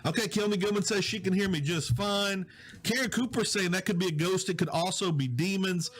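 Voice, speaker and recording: A man with a somewhat high voice hosts a live stream from his home office. He chats easily, greets viewers and reads their comments aloud. His mic is quiet and a little weak. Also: brisk, husky. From Southwest Louisiana. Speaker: digital host. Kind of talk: casual live-stream chat. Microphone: low-volume mic with problems.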